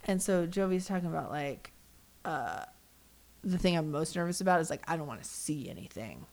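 Giggly woman with a gravelly, lively voice. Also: low-pitched, moderate pace. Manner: giggly, rambling storyteller. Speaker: podcast co-host. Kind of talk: casual chat, recapping a reality show.

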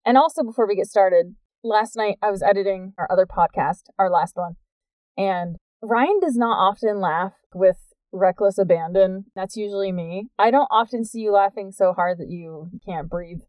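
A woman's voice: medium pitch, normal speed, darkish tone, no echo. A woman co-hosting a podcast in casual chat, bubbly and laughing often. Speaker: podcast co-host.

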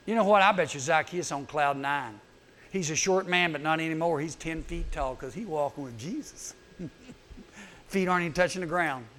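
A man preaching a humorous sermon to teenagers, with a high-pitched voice. He is animated, teases his listeners and keeps slipping into quick character voices. His delivery stays lively throughout. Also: slight background noise. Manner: animated, acts out quick voices, teasing asides. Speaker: youth camp speaker.

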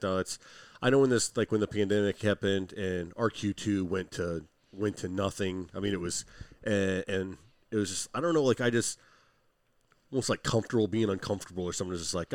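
A man's voice: fairly low pitch, fairly even intonation, fast, no echo. A man hosting a podcast, asking about a guest's business and sharing his own story in loose, filler-heavy talk. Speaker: podcast host. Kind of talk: casual interview.

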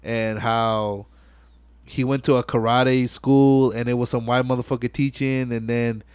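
In a smooth, medium-pitched voice and at a slightly slow pace, a male podcast host walks through a movie scene by scene. He's casual and animated, cursing heavily and performing the characters' lines. The recording is dry.

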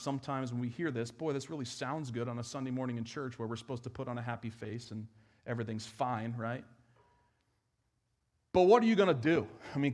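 A man preaching a sermon in church, talking conversationally and swinging from emphatic, raised lines to quiet, hushed ones. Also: medium pitch. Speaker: pastor.

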